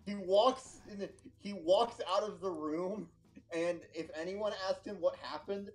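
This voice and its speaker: A man playing a tabletop game who is new to it and still finding his way. His voice sits fairly high, and he jokes at his own expense. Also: a little slow, darkish tone, rough recording. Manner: unsure newcomer, self-deprecating. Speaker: player.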